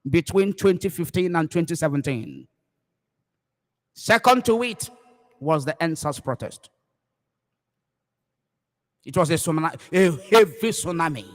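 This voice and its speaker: Impassioned high-voiced Nigerian preacher. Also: male voice, in a large hall. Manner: impassioned, repetitive, swinging between shouts and low murmurs. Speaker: pastor. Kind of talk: live preaching broadcast.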